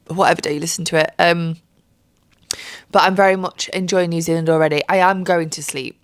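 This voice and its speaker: A young woman talks from her bed, worn out and jet-lagged with a blocked-up nose from a cold. Her voice sits low and the sound is close and dry, with no room around it. She chats loosely, swearing and joking as she goes. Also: fairly even intonation, brisk, no room sound. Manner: chatty, sweary, jokey storytelling. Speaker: podcast host. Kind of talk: casual chat. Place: bedroom.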